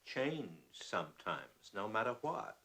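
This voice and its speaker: An actor playing a mild, weary middle-aged husband who speaks in a subdued, flat way. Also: male voice, lowish voice, slow pace, exaggerated voice, low-quality recording. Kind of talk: stage play performance.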